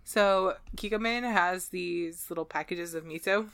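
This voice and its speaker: A woman co-hosting a podcast in casual chat, relaxed and trailing off softly at the ends of phrases. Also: on the low side, unhurried. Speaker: podcast co-host.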